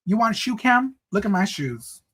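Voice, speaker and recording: Very animated and high-voiced, the livestream host chats at a moderate pace in a slightly bright tone. His manner is sassy and campy; viewers get called girl and honey, and Spanish phrases pop up.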